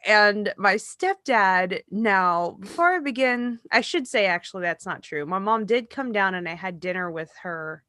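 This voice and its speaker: Bright, chatty woman telling a story. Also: mid-range voice, expressive, a little slow, hardly any pauses, dry recording, studio quality. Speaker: podcast co-host. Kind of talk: casual chat.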